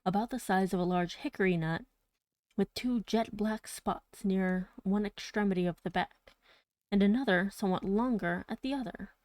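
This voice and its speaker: A woman reading as an eager gentleman collector. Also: mid-range voice, normal speed, no room sound, lightly acted. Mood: excited. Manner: enthusiastic, talkative. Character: eager, excitable gentleman collector, adult man.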